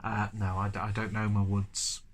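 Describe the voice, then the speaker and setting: A man's voice: lowish voice, monotone, moderate pace. Stuffy-nosed man rambling through a review. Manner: rambling, chatty, self-deprecating. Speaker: beer reviewer. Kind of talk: casual review vlog.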